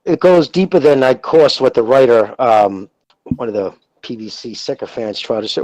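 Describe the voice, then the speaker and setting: A man's voice: medium pitch, moderate pace, darkish tone, no room sound, poor audio. A man with a Boston accent calling in to a podcast, talking bluntly and with profanity in casual chat. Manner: blunt, profane, gossipy insider talk. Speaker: caller.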